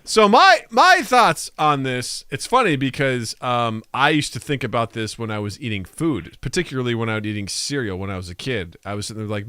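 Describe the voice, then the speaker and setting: A man's voice: mid-range voice, a little fast, hardly any pauses, clear, resonant tone, no room sound. A man co-hosting a comedy podcast, riffing animatedly and slipping into silly voices. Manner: animated, riffs with put-on voices. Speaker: podcast co-host.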